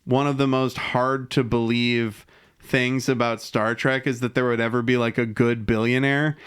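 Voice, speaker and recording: A man co-hosting a podcast, recapping an episode in casual chat, rambling and swearing freely, dropping into quick voices for the characters. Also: medium pitch, flat delivery, fairly bright tone, smooth. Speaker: podcast co-host.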